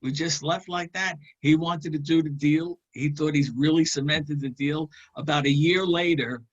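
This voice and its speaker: An older man, a regular panelist, telling a long anecdote in an unhurried way, chuckling as he goes. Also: fairly high pitch, steady tone, lo-fi sound. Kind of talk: anecdote storytelling.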